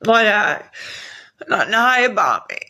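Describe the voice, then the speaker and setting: Weary and sighing, a woman on a live stream reads viewers' comments and asks for donations, restarting her sentences haltingly. She has a mid-range, sharp-toned voice with big pitch swings, and the recording is rough.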